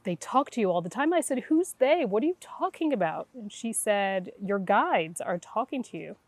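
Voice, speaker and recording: A dry recording captures a middle-aged woman, a guest intuitive, telling her story conversationally in a mid-range voice at a moderate pace. She's lively and acts out the dialogue of the people in it.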